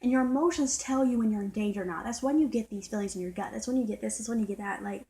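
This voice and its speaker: A woman's voice: fairly high pitch, very fast, hardly any pauses, mellow, a little hiss or hum, poor audio. A woman vlogging in a casual, emphatic monologue, repeating and circling back over her points. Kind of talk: casual ranting monologue to viewers.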